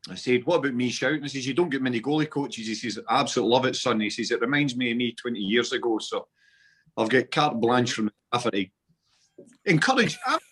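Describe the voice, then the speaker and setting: A man's voice: mid-range voice, expressive, fast, a bit bright, breathy edge. A Scottish man in his forties chats as a podcast guest and tells football stories in plain local slang. His voice sits in the middle of the male range, and he talks easily and at length. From Scotland. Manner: chatty storytelling with local slang. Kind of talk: casual chat.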